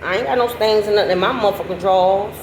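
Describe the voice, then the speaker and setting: A middle-aged woman telling a story casually, animated and profane, her voice breaking into high laughing squeals. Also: fast. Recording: echoey with loud background noise.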